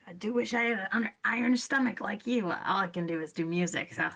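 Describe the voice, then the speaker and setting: A woman playing a tabletop game, soft-spoken and hesitant, with a husky voice. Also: medium pitch, a little fast. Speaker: player.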